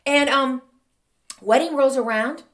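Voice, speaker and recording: With a high, slightly bright voice and a somewhat slow pace, this woman hosts a podcast and narrates a story casually. Her delivery is chatty and conversational, full of "um" and "like."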